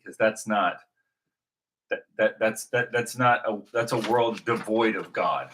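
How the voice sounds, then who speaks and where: A man's voice: fairly low pitch, a bit bright, low-quality recording. A man hosting his own video, reflecting aloud in an unscripted way, often restarting his sentences as he thinks. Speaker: video host.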